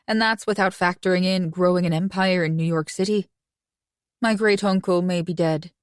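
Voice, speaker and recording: A woman reading a romance audiobook in first person with an even, conversational delivery. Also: fairly low pitch, no room sound, clean studio sound. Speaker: audiobook narrator.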